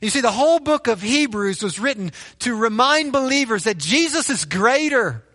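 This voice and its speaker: Bright-voiced preaching man in a hall. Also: very high-pitched, animated, moderate pace. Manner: preaches with rhetorical "right?" tags and repetition. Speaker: pastor. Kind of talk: sermon.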